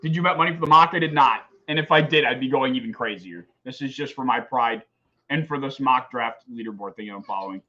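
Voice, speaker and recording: A young man live-streaming a sports draft reaction, excitable and swearing in frustration at the picks. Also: medium pitch, fairly quick, muffled recording.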